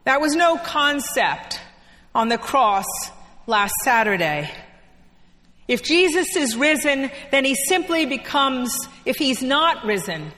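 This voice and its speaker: A woman preacher giving a sermon in a church, telling the story in an unhurried way with dramatic pauses. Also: high-pitched, sing-song, pushed and bright. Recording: long echo of a church hall.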